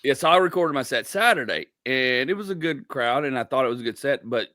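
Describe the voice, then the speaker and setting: A man's voice: medium pitch, animated, brisk, sharp tone, no room sound, studio quality. A man hosting a casual talk, telling rambling stories and often quoting other people in put-on voices. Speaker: podcast host. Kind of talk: casual chat.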